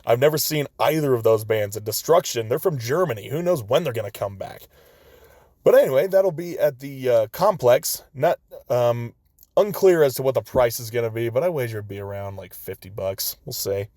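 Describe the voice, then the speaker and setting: A man hosting a podcast, reading out upcoming gigs in a laid-back way with frequent chuckles and quick asides. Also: medium pitch, darkish tone, dry recording, clean studio sound. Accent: American. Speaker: podcast host. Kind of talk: casual show listings.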